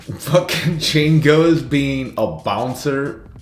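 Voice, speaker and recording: A man hosting a reaction video, talking casually and tagging his points with quick questions to the viewer. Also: mid-range voice, animated, reverberant. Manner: chatty, laughing asides, ends points with "right?". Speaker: reaction channel host.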